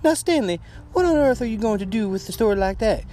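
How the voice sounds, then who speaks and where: A man's voice: sits high, expressive, fast talker, mellow, a little hiss or hum, voice pushed up. A man voicing a nosy, prying wife in a read-aloud joke.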